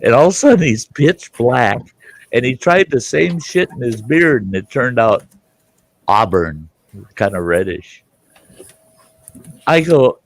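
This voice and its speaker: A man's voice: medium pitch, wildly swooping pitch, measured pace, pauses often, dry recording. A man hosting a casual campfire chat, telling stories in a boisterous, profane way. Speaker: host.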